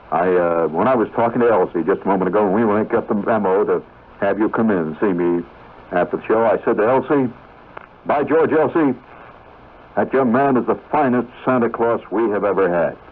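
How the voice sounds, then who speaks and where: A man's voice: fairly low pitch, lightly acted. A man playing a kindly middle-aged station boss, speaking in a fatherly, hesitant way. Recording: tinny lo-fi 1970s radio broadcast.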